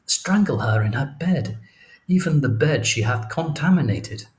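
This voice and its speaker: A man reading the lines of a cunning, scheming male villain in an audiobook, in a calm, insinuating way. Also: mid-range voice, measured pace, voice pushed up, close to an everyday voice, poor audio.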